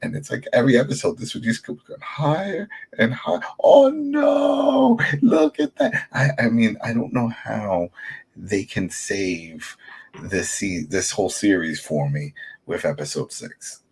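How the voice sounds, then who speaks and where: Husky low-voiced man, blunt podcast critic. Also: normal speed. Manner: blunt and opinionated, acts out quotes. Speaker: podcast co-host. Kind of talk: casual review chat.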